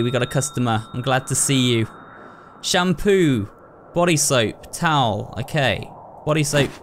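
A man's voice: medium pitch, noisy background. A young man commenting on a horror game playthrough, thinking aloud and talking to his viewers. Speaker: gaming YouTuber. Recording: clear game ambience behind the voice. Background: horror game sounds.

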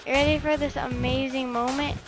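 A young woman chatting excitedly and swearing casually while playing a video game with a friend. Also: high-pitched, fairly quick, over loud music, rough recording. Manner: excitable, swears and laughs often. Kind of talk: casual gameplay chat.

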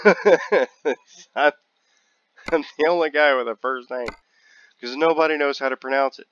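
Guy rambling jokey over a game, real slow, kinda dull muffled audio. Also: fairly high pitch, fairly bright tone, slight background noise. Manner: joking, rambling, drags out and repeats words. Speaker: gaming channel host. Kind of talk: casual gameplay commentary.

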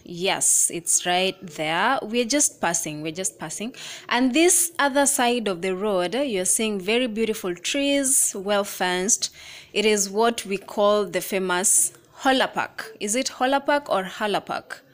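A young Kenyan woman with a Kenyan accent, narrating a casual travel vlog from inside a moving minibus, excited and chatty, pointing out sights with the odd swear word. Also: medium pitch, slow. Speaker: vlogger.

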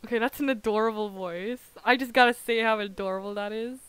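Brief: young female streamer, high and bright, gushing and excitable, casual live chat. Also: fast, clean tone, dry recording.

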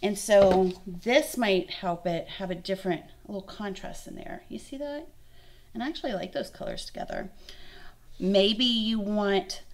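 A young woman, an art instructor giving a friendly, encouraging lesson and thinking aloud as she works. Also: mid-range voice. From Louisiana. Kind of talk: kids' art lesson demonstration.

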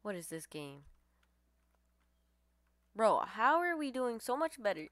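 Excitable woman gamer, lively swings. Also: a little high, slow pace, dry recording, clean studio sound. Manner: excitable, swears, trash-talks opponents. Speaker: gamer streamer. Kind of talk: live gameplay commentary.

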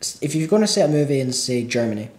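A man's voice: mid-range voice, animated, quick pace, a little mellow. A man co-hosting a casual film chat, opinionated and steering the talk with questions. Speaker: film club co-host. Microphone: single microphone in front of a camera. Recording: roomy echo.

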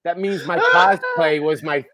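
Animated man telling a story, lively pitch. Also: measured pace, very noisy. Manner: animated storyteller, swears freely. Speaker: podcast co-host. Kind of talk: casual chat.

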